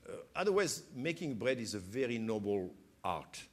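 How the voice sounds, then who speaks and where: A man's voice: mid-range voice, big pitch swings, moderate pace, darkish tone. An older man from France with a French accent, a chef explaining things in an interview, often adding "you know". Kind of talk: interview conversation.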